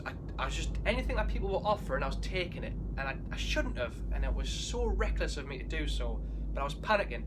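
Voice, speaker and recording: A man's voice: a little high, background noise. Candid man recapping a race. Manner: candid, emotional, rambling with restarts. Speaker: running vlogger.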